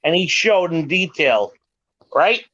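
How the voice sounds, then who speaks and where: A man's voice: on the high side, big pitch swings, slow, pushed and bright. A middle-aged man telling a story in casual chat, emphatic and profane, insisting again and again that it is true. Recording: dull lo-fi sound, dry.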